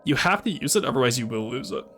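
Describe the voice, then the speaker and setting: A man streaming a game live, talking with his viewers in a mid-pitched, everyday voice. He reacts loudly and swears when enemies hit, then drops back into relaxed chat. Faint game music plays behind him. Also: fast talker. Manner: reactive, exclaims and curses when under attack; chatty asides to chat between bursts of play. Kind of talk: live gameplay commentary.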